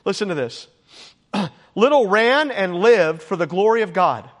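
A man's voice: high-pitched, expressive, a little slow, fairly bright tone. A man preaching a sermon, earnest and exhorting, at times emotional. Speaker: pastor. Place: church sanctuary. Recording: long hall reverb.

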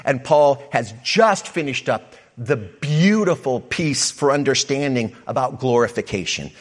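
Animated man preaching a sermon. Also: a little slow. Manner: animated preaching, pitch rising for emphasis and dropping low; conversational asides to the congregation. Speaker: pastor.

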